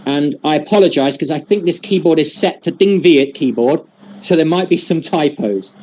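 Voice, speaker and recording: A man's voice: a little high, normal speed, a little mellow. A man leading a teacher-training workshop over a video call, explaining patiently and demonstrating with examples.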